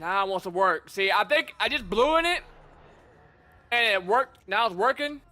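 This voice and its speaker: A young man streaming a game, talking casually and excitably, swearing and calling people bro and dude. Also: high-pitched, moderate pace. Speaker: gaming streamer. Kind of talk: casual gameplay commentary.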